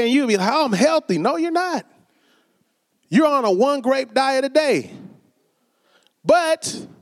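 Preacher man, high pitched, casual sermon style, calls for amens, long church reverb. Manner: conversational, calls for amens, acts out quoted voices.

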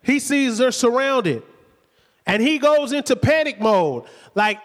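Male preacher, high voice, lively storytelling sermon, long hall reverb. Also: unhurried. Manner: lively, conversational retelling with acted quotes and rhetorical questions.

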